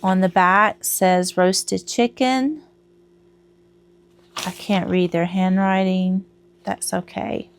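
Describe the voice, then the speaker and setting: A woman's voice: mid-range voice, steady tone, takes it slowly, long pauses, a little hiss or hum. A middle-aged woman, chatting casually to camera at home, rambling and laughing at herself. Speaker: crochet vlogger.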